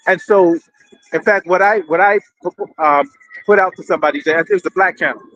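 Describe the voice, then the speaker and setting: A man hosting casual live-stream commentary, rambling and animated, often repeating words as he restarts. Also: high voice, normal speed, muffled recording, slight background noise. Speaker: political commentary host. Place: indoors near a street with fire trucks.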